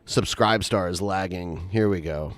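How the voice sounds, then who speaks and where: Relaxed male podcast host, dry sound. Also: low voice, measured pace, no room sound. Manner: relaxed, laughing banter. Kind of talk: casual podcast chat.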